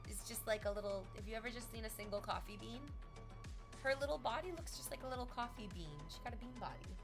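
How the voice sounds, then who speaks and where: A woman streaming live in relaxed, casual chat, swearing freely and reading viewer comments aloud. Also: a little high, fast talker, music in the background. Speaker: livestreamer.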